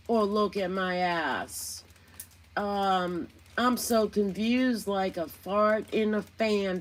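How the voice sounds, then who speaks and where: A woman doing a whiny drawling Southern woman. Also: medium pitch. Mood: mopey. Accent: put-on Southern US. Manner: drawling, melodramatic, slow. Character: whiny self-pitying Southern woman rambling. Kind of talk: parody impression in casual commentary.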